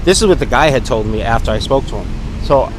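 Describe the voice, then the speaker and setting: A middle-aged man giving police a witness account outdoors, retelling what happened in quick, animated quoted exchanges. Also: medium pitch. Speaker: witness reporting an incident to police. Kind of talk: casual spoken account. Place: outdoors on a city street beside traffic. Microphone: police body camera. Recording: street noise and passing traffic.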